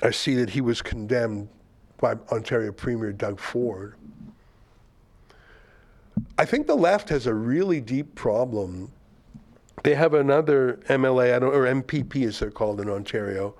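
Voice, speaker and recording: A man's voice: medium pitch, moderate pace, pauses often, darkish tone. An older man hosting a political commentary show, sarcastic and indignant as he mocks the statements he reads out.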